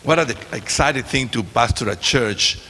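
A man preaching as a pastor, reading scripture and praying in a slow, prayerful way, in a church. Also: mid-range voice, expressive, sharp tone, slight background noise. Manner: slow, prayerful delivery with drawn-out phrases. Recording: long reverb of a church hall.

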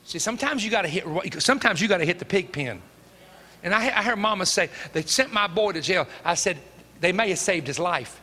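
A man's voice: sits high, animated, a little fast, pushed and bright. A middle-aged man with a Tennessee Southern accent preaching, telling a folksy, emphatic story and acting out the dialogue. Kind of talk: storytelling sermon. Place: church sanctuary. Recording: long hall reverb.

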